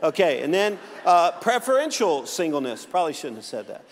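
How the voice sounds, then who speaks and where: A man's voice: fairly high pitch, very animated, fairly quick, in a large hall. A male pastor preaching a sermon in a joking, conversational way, with frequent restarts.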